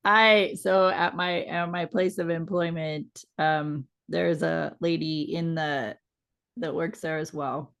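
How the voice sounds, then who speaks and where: A woman co-hosting a podcast, telling a story from work in a relaxed, conversational way with a gently reassuring manner. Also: low voice, slow pace, creaky. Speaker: podcast co-host.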